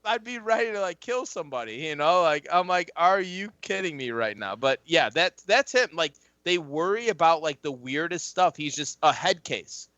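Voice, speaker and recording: A man and former football player chatting casually as a podcast guest, rambling and swearing freely as he tells animated stories. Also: on the high side, normal speed, few pauses, dry recording, muffled recording. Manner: rambling, profane, animated storytelling. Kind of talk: casual chat.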